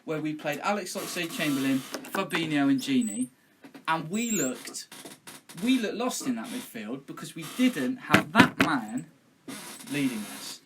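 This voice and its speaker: A man's voice: a little high, sing-song, measured pace, noisy background. A man hosting a casual football podcast, talking passionately and emphatically with some swearing. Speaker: podcast host.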